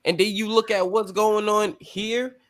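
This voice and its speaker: A man holding forth on a casual talk show, rambling and emphatic with a loose tongue. He speaks in a slightly raised register and lets his words stretch out slowly. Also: high voice, little pitch movement, fairly bright tone. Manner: rambling, emphatic, swears freely. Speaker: podcast host. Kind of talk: casual chat.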